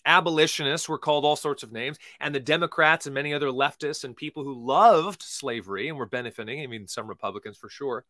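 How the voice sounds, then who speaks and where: A man with a bright, forceful voice delivers preachy commentary as a podcast host. He is emphatic and swings from loud to quiet. The sound is dry and close. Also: medium pitch, no echo. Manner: reads scripture aloud slowly.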